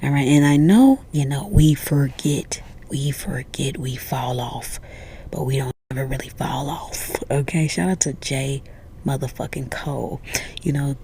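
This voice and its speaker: Low, gravelly whispering woman. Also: measured pace, a little hiss or hum. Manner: hushed, breathy whispering, tender, casual swearing. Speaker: spiritual vlogger. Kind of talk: emotional spiritual pep talk.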